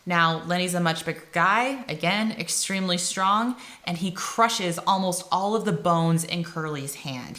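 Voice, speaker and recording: A woman summarizing and analyzing a novel for students in a casual video lesson, retelling scenes with quick paraphrased character quotes. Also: lowish voice, pushed and bright. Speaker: teacher explaining a novel.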